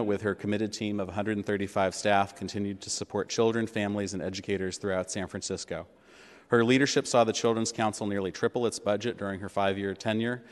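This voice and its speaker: A man presiding over a government board meeting, reading a formal commendation from prepared remarks. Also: fairly low pitch. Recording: long reverb of a meeting chamber.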